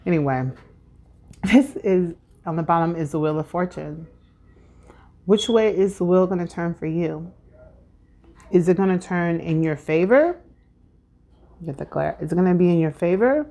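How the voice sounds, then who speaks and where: A chatty woman in her thirties reads tarot cards at home in a casual vlog. Her voice sits a little low, and she talks in loose, filler-heavy, preachy runs. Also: moderate pace, long pauses, warm tone. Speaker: tarot reader.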